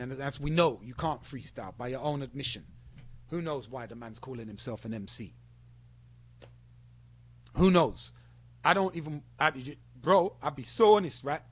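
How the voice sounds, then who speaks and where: A young man ranting at someone, confrontational and sweary, repeating himself as he builds his case. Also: on the high side. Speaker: streamer addressing a former friend. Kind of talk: ranting monologue.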